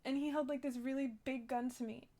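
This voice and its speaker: A woman's voice: high voice, fairly even intonation, fairly quick, warm tone. A young woman telling a rambling, shaken story in character during a role-play game, full of "like" and restarts.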